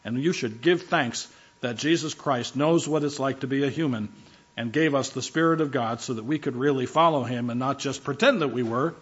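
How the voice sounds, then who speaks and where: A man's voice: mid-range voice, moderate pace, breathy edge, muffled recording. A man preaching a sermon as pastor, emphatic, driving home key phrases by repeating them.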